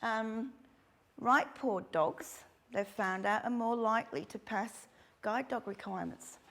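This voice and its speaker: A woman's voice: fairly high pitch, measured pace. A middle-aged woman giving a chatty workshop talk to dog training instructors. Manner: chatty, animated, acts out little quotes.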